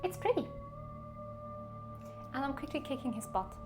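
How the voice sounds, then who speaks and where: A woman's voice: high voice, sing-song, moderate pace, music in the background. A woman from Switzerland, chatting casually and rambling to her live-stream viewers, often laughing at herself.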